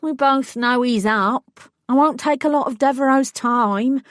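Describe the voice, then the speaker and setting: A woman's voice: high-pitched, measured pace, no echo, studio quality, pitched above the performer's own voice. Woman doing a whining petty crook. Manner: pleading, insistent. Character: whining man pleading with gang gatekeeper.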